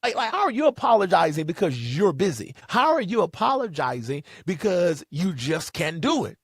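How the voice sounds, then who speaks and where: Emphatic man preaching with a fairly high voice. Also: very animated, moderate pace, slightly rough, no room sound, studio quality. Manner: emphatic, repetitive preacher cadence. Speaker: podcast host. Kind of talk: motivational preaching talk.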